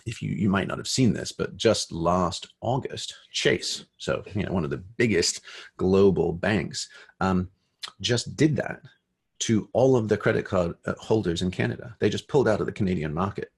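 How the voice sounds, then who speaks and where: A man giving an informal, conversational talk about finance to an online audience, loose and animated, with swearing and fillers. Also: low voice, moderate pace, vocal fry, breathy edge. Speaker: speaker on economics and sensemaking.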